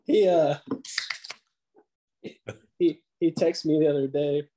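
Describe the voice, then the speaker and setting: A man co-hosting a casual podcast, with a mellow, warm tone and a voice pitched a little high for a man. He is excitable and profane, and he calls everyone "dude.". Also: slow pace, slight background noise. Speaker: podcast co-host. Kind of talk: casual chat.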